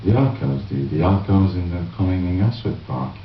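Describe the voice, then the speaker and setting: An actor playing an eager, shady gun dealer with an animated, salesy manner. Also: male voice, deep voice, normal speed, slight background noise. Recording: roomy distant lo-fi film audio.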